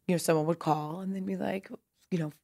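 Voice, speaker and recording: This guest, a clothing brand founder in her thirties from Pasadena, California, rambles through stories in a casual interview, full of "like" and casual swearing. Her voice is lowish, creaky, and mellow, with fairly even intonation and a fast pace.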